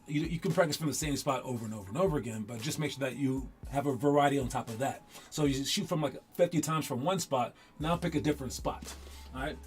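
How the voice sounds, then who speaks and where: A man hosts a loose, chatty livestream in a fairly high voice. He rambles and corrects himself as he goes. Faint music plays underneath. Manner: rambling, with many self-corrections. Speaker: basketball show host. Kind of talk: casual livestream chat.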